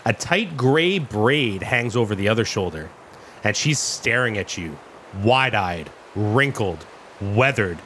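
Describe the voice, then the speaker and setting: A man narrating a tabletop game as game master, describing the scene with dramatic pauses. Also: lowish voice, animated, a bit bright, a little hiss or hum.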